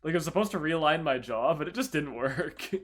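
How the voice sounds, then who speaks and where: Young male podcast co-host, slightly high-pitched, profane and animated storyteller. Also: fairly quick, a little hiss or hum. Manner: animated, profane, swinging between loud outbursts and mumbling.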